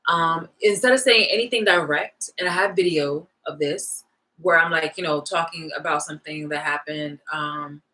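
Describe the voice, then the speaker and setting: A young woman vlogging, telling a rambling story in a casual, animated rant full of fillers. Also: deep voice, poor audio.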